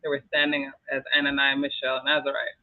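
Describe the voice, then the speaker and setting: A man's voice: medium pitch, completely flat delivery, fast talker. A man sharing his thoughts in a casual group Bible discussion, reflective, with trailing phrases and light laughs. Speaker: discussion panelist. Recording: tinny phone-like line.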